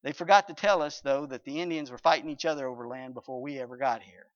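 Older male preacher, emphatic sermon delivery with slow drawn-out phrases, average pitch, muffled low-fidelity audio. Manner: emphatic, with swings between loud and soft and slow drawn-out phrases. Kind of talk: sermon with scripture reading. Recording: dull lo-fi recording.

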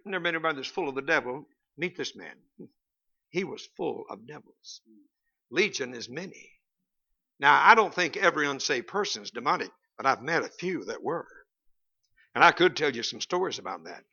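A man's voice: a little high, bright, forceful tone. A man with a Southern accent preaching a sermon as pastor, folksy and joking, with chuckling asides. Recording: dull lo-fi sound.

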